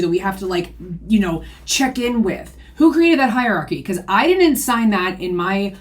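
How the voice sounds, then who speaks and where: A young woman giving indignant reaction commentary on her channel, firing off rhetorical questions. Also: medium pitch. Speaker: YouTube commentator.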